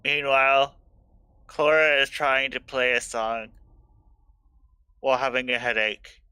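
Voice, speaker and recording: Guy playing d&d, super bright crisp voice, dry. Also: mid-range voice, fairly even intonation, measured pace, dry recording. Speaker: player. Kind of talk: tabletop role-play narration.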